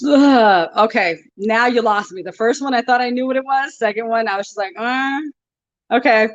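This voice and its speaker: A woman's voice: on the high side, normal speed. Bubbly American woman, muffled line. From United States. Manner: bubbly, laughs easily, guessing aloud. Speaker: guest, wrestling referee. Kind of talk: casual interview chat.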